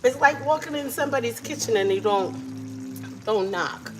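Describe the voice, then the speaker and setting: A woman's voice: a little high, animated, moderate pace, music in the background, poor audio. A middle-aged woman hosting a live cooking stream from her home kitchen, chatting casually with viewers as she cooks.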